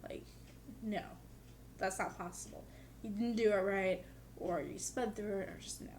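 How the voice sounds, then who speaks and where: A woman's voice: mid-range voice, steady tone, unhurried, darkish tone, a little hiss or hum. A young woman vlogging in a casual, chatty way, with dry humor and lots of "like". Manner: chatty, peppered with "like". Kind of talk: casual chat to camera.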